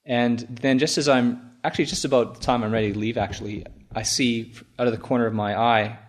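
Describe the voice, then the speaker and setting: A man who is a Buddhist monk, telling a story in a halting, chuckling way with many restarts. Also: mid-range voice, fairly even intonation. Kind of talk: storytelling talk.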